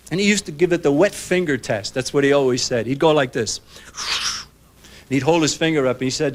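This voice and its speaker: A man's voice: on the high side, fairly quick. Folksy, emphatic man lecturing a crowd. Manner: folksy and emphatic, quotes others in lively asides. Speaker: author giving a lecture. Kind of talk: public speech to an audience. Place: public library lecture hall. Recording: 1990s broadcast recording.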